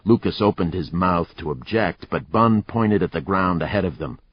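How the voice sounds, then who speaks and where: A man narrating a thriller audiobook in a measured, even storytelling manner. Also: low-pitched, slightly rough, dry recording. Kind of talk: scripted narration. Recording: dry, slightly muffled recording.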